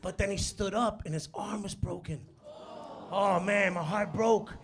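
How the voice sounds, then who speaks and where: A man doing a live stand-up set, telling stories with animated bursts of shouting and Spanish phrases mixed in. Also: high voice, unhurried. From Latino background. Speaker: stand-up comedian. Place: comedy club stage. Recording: live club with loud crowd laughter. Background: audience laughter.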